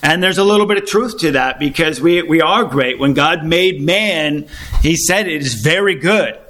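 A man gives an informal sermon to a small congregation, speaking conversationally, restarting sentences and clearing his throat often. His voice sits on the high side, a bit bright, at a normal speed.

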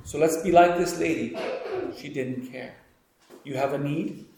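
A man with a fairly high voice preaches a sermon, dropping to hushed pleading and then building to loud, excited storytelling. The recording sounds very echoey, with faint noise underneath. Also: measured pace, vocal fry.

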